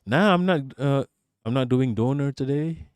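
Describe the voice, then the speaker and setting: A man's voice: medium pitch, moderate pace, clean tone, dry recording. A man live-streaming, reacting to a video and his chat in brash, profane casual talk.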